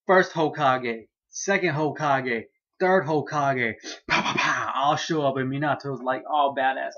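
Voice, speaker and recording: A man talks through a manga chapter in a loose, excitable way. He swears freely and laughs at the funny bits, at a middling pitch. The recording sounds dull and lo-fi. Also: slow. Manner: excitable, profane, laughing, retells scenes loosely. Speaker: manga reviewer. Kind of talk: casual manga chapter review.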